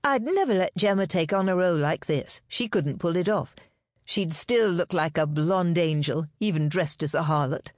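A woman's voice: fairly low pitch, expressive, normal speed, dry recording, clean studio sound, lightly acted. A woman voicing an exasperated white-haired male police officer in an audiobook, blustering at a colleague.

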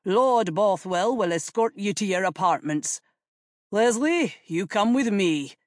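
A woman voicing a commanding young king who speaks in loud, imperious orders. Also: medium pitch, lively intonation, measured pace, no room sound, clean studio sound, pitched above the performer's own voice, natural voice. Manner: blustering, imperious. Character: King James, commanding young royal man.

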